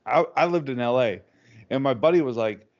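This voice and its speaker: A man's voice: mid-range voice, lively intonation, fairly quick, a little mellow, lo-fi sound. A man co-hosting a casual comedy podcast, trading wry, laughing banter and short anecdotes. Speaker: podcast co-host.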